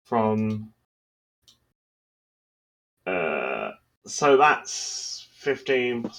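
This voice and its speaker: A man's voice: mid-range voice, fairly bright tone, low-quality recording. A man playing a tabletop game, hesitant and full of fillers as he works out his moves. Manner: hesitant, full of fillers while working out rolls. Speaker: player.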